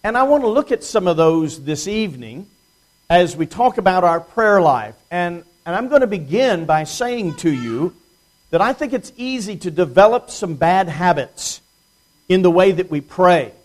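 A man preaching an evening Bible study to his congregation, plainspoken, with dry self-deprecating humor and slow emphasis on key words. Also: sits high, animated. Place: church congregation.

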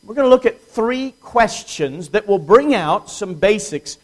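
A man preaching an evening Bible study to his congregation, plainspoken, with dry self-deprecating humor and slow emphasis on key words. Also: high-pitched, lively intonation. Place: church congregation.

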